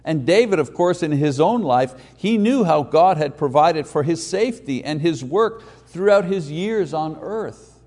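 Animated male preacher, lively pitch. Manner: animated preaching with slow emphatic phrases and sudden quiet asides. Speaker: pastor. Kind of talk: sermon.

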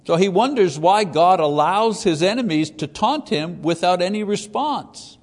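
A man with a somewhat high voice teaches through a psalm in an easy, conversational way. He lifts his voice to act out the people he quotes. The sound carries a long reverb, as in a large hall. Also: expressive, measured pace, few pauses. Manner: conversational, acts out quoted voices with rising pitch. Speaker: preacher teaching a Bible lesson. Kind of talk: expository Bible teaching.

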